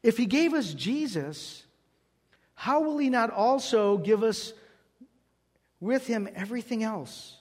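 High-voiced preacher in a reverberant hall. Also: male voice, slow pace, long pauses. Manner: animated storyteller acting out dialogue. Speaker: pastor. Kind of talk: sermon with storytelling.

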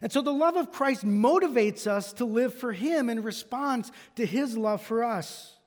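A man's voice: very high voice, animated, measured pace. A man preaching a sermon as pastor, emphatic and driving home his points with repeated rhetorical questions. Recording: long reverb of a large hall.

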